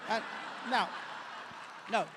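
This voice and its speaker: A middle-aged man performing live stand-up comedy in a large theatre, animated, slipping into mock voices and shouting punchlines. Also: extremely slow, slight background noise. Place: large theatre stage before a laughing audience. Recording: live theatre recording with long hall reverb.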